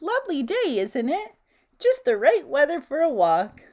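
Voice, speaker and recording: A woman voicing a friendly, talkative little storybook character who makes bright small talk. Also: high voice, huge pitch swings, normal speed, voice pushed up, heavily acted. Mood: chatty.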